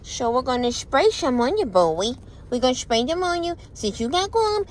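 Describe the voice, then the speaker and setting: A woman's voice: sits high, big pitch swings, moderate pace, slight background noise. A woman vlogger cooing at her dog in baby talk while grooming it.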